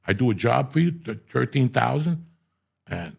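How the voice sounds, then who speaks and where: Middle-aged male storyteller with a rough, raspy voice; profane and animated. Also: medium pitch, normal speed. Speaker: podcast host. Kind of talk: casual storytelling.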